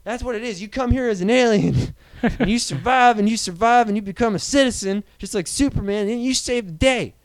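Man, co-host, profane animated rant, slightly high voice, dry close sound. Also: a little fast, hardly any pauses, no room sound. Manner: profane, animated ranting with mocking put-on voices. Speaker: podcast co-host. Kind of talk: casual ranting chat.

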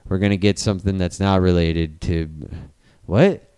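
A man chatting casually on a podcast, animated and sarcastic, with profane banter and quick mock voices. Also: low-pitched, smooth.

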